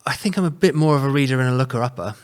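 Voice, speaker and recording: A man's voice: medium pitch, rapid-fire. A man from South Africa with an English accent carrying a South African trace, talking as a guest in a wordy, hedging way with lots of "sort of" and "kind of". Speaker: podcast guest. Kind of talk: casual conversation.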